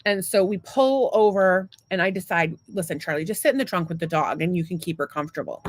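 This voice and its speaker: A woman's voice: on the low side, brisk, a little hiss or hum. A woman co-hosting a podcast, telling a long story in a casual, rambling, profane and self-mocking way. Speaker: podcast co-host.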